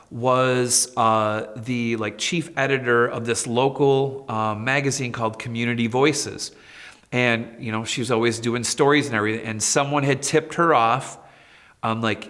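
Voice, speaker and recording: With a big-room sound around him, a principal brings his personal stories to life, doing the voices of the people in them. He speaks in a mid-range male voice.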